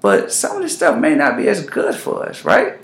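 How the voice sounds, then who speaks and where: A man's voice: high-pitched, huge pitch swings, normal speed, creaky, fairly bright tone. A man hosting a conversation, earnest and affirming as he raises questions. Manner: earnest, with many affirming mm-hmms. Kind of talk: conversational interview. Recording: roomy echo.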